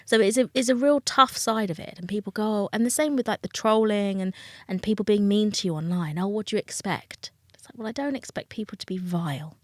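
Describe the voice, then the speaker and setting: A woman's voice: medium pitch, a little fast, no room sound, clean studio sound. A middle-aged British woman, a dating coach, speaking frankly and emotionally in an interview, acting out other people's voices. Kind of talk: candid interview talk.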